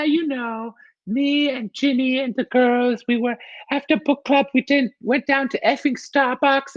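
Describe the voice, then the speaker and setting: A man's voice: very high-pitched, no room sound, lo-fi sound, voice pushed up. A man doing a sweary fifties mom. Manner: swearing casually, breezy gossip. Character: foul-mouthed woman in her fifties telling a book-club story.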